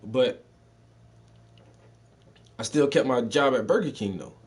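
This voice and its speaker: A man's voice: medium pitch, lively intonation, slow pace. A man with a mixed Southern and Northern US accent, telling stories in loose, profane street slang and often laughing. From Southern United States. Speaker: podcast host telling stories. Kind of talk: casual storytelling.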